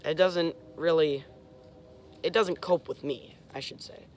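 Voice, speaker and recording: A young man talks through a beginner's lesson on his own channel, his voice sitting a little high. He pauses and searches for words as he goes. Now and then he breaks into short, clipped demonstration sounds. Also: fairly even intonation, slight background noise. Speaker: host. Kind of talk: casual instructional talk.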